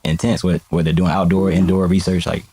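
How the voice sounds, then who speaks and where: A man's voice: low voice, level tone, fairly quick, mellow, breathy edge. A man answering interview questions as a student, hesitant and full of ums.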